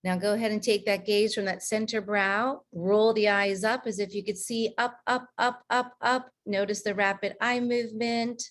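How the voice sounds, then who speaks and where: A woman coaching a group through breathing and meditation on a video call, counting breaths slowly and calmly. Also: medium pitch. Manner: slow, calm counting of breaths with pauses. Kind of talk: guided breathing and meditation session.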